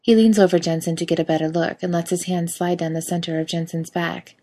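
A woman reading a fan fiction story aloud with wry, lively storytelling. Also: on the low side, a little fast. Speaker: reader.

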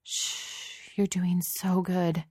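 A woman voicing a teasing, coaxing woman lover in a soft, murmured voice. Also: lowish voice, little pitch movement, unhurried, no echo, clean studio sound.

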